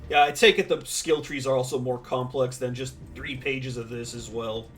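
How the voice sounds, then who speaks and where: Guy streaming a game, chatty and rambly, dry sarcasm, mid-pitched voice, quiet game music behind. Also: fairly even intonation, moderate pace. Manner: rambling, lots of "like" and "uh" fillers; dry sarcastic asides, laughs easily. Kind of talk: casual gameplay chat with viewers.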